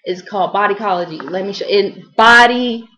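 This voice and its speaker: A woman's voice: mid-range voice, quick pace, bright, forceful tone, low-quality recording. Rambling, slangy woman vlogger. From Columbus, Ohio, US. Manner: rambling, slangy, lots of fillers. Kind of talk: casual storytelling vlog.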